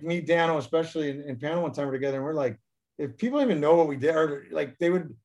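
A man's voice: on the high side, a little mellow. A man, a former hockey player, telling stories as a guest in a casual interview, often repeating and restarting his words.

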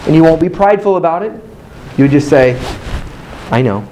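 A male preacher delivers a sermon in a hotel meeting room, his voice sitting a touch high for a man. He drives his points home with rhythmic, repeated phrases and pauses for the congregation to answer back. A faint hiss of noise hangs behind him. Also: expressive, dark tone, rough recording. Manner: rhythmic repetition with call-and-response.

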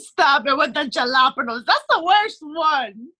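A woman co-hosting a casual comedic chat, with a high, bright voice that swoops around expressively. She talks slowly and unhurriedly, teasing her partner and laughing often. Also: animated. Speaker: co-host.

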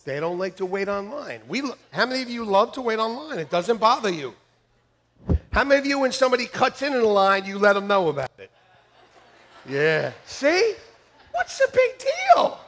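A male pastor preaching a sermon to his congregation, telling stories in a lively way that swings from loud outbursts to quiet asides. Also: high-pitched, moderate pace. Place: church sanctuary.

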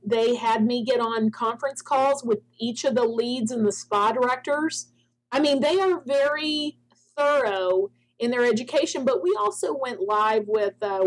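A middle-aged woman tells a business story as an interview guest, her voice sitting a bit high. She brings it to life, jumping up in pitch as she acts out what other people said. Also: low-quality recording. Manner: animated storyteller, acts out quoted dialogue. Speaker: spa products founder, guest.

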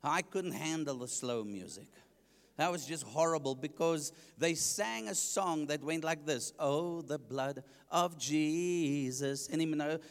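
Here the evangelist's higher, expressive voice carries some vocal fry as he tells his testimony at normal speed. He acts out his past reactions with animation, and the church recording has a long reverb.

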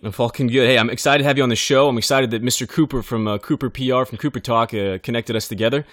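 A man hosting a podcast interview, brisk and excitable, with swearing sprinkled through his questions. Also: mid-range voice, no room sound, clean studio sound. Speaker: podcast host.

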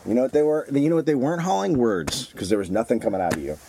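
A man's voice: very animated, fast talker, creaky, noisy background. A man co-hosting a podcast, crude and teasing, needling his partner with rude jokes. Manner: crude, teasing, swoops wildly in pitch. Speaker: podcast co-host. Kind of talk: casual podcast chat.

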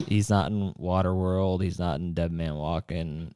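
A man co-hosting a casual movie podcast, low-key and dry, listing facts flatly into a close mic. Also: measured pace, a crowd in the background. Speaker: podcast co-host.

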